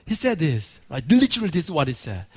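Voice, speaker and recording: This is a male pastor delivering a sermon. His voice sits high for a man. He moves between relaxed, laughing storytelling and loud, emphatic proclamation. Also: fast, husky. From Korea. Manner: animated, laughing storyteller who builds to shouted emphasis.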